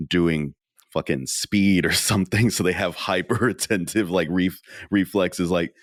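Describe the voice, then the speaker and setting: Deep-voiced man in casual chat. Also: measured pace, no echo, studio quality. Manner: laid-back, profane, laughs often. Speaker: podcast co-host.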